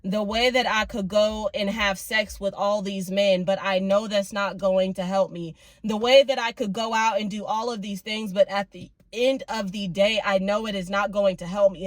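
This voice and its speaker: A woman's voice: medium pitch, dry recording. A young woman, talking candidly and heartfelt in a confessional vlog. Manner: heartfelt, tearful at times, repetitive and candid. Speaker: vlogger.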